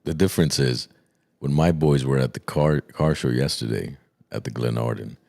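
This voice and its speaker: A man's voice: a bass voice, normal speed, creaky, darkish tone. A middle-aged man hosting a podcast, joking and teasing his co-host. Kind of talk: casual chat.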